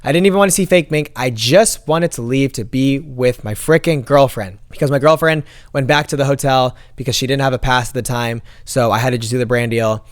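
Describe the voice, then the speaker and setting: A young man vlogging an animated story to camera and acting out the quoted lines. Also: medium pitch, a little fast, few pauses, dry recording, clean studio sound. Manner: animated, acts out quoted dialogue.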